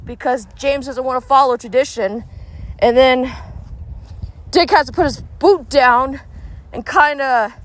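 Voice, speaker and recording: A woman's voice: sits high, low-quality recording. A woman gaming vlogger chatting casually and speculating aloud while she plays. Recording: loud background noise.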